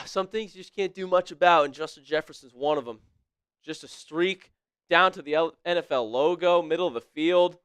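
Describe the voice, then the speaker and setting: A young male fan commentator with a high, bright, smooth voice, recorded dry and close. He calls the action on a live stream, yelling at big plays and laughing between calls, and slips into a playful put-on British accent. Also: no echo. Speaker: live stream co-host doing play-by-play.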